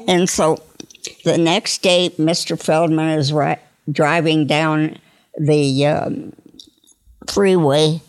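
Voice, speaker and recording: A woman in her nineties, a grandmother slowly telling old jokes in a folksy, casual way. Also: low voice, fairly even intonation, dry recording. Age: 90s. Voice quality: creaky. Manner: slow, folksy joke delivery with voiced characters.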